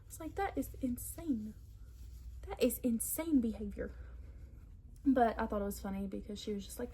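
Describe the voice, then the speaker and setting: A young woman chatting casually to camera about books, rambling and animated. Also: mid-range voice, normal speed, slight background noise, low-quality recording. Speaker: book vlogger.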